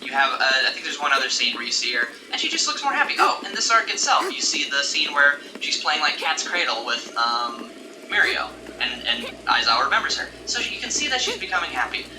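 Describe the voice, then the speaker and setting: A man's voice: medium pitch, sing-song, a little fast, noisy background. A man chatting casually as a podcast host, ranting with exasperated energy and breaking into laughs. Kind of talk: casual chat. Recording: echoey room, distant mic, music behind.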